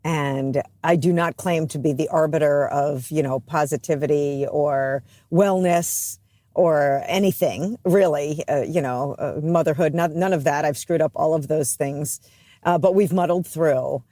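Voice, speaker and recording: Low-voiced woman guest, thoughtful and honest, self-deprecating, dry close sound. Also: unhurried, warm tone, dry recording. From US East Coast. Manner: reflective, earnest, self-deprecating. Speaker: radio host, guest. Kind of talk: candid interview talk.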